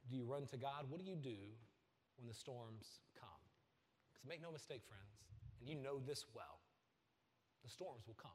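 Male pastor, sermon, dynamic delivery, loud bursts and quiet lines, fairly high voice, long hall reverb. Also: normal speed.

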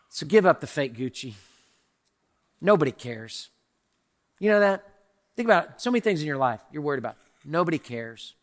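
A man preaching a sermon as pastor, emphatic and repetitive with a joking streak, closing in a softer spoken prayer. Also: mid-range voice, long reverb tail.

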